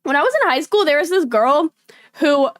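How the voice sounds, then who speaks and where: A woman's voice: high voice, lively intonation, normal speed, fairly bright tone, no room sound. A young American woman hosting a livestream, chatting casually with viewers in a rambling, laughing way. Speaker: livestream host.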